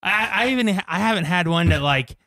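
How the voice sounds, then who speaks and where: Laughing, animated man swapping stories. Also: sits high, a little fast. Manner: animated storyteller, laughs often, swears freely. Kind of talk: casual chat.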